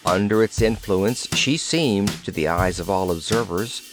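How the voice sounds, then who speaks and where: A man narrating a storybook audiobook in a lively, expressive reading, over background music. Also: fairly low pitch, measured pace.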